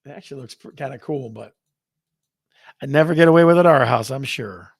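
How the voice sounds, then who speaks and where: Gravelly-voiced man hosting a chatty livestream. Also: medium pitch, a little fast, dry recording, studio quality. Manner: playful, reads out chat, counts down aloud. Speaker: real estate show host. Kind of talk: casual livestream chat.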